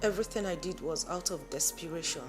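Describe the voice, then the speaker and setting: A woman's voice: on the low side, quick pace, over music, lightly acted. An actress with a Nigerian accent playing a defiant, obsessive young woman who speaks sharply.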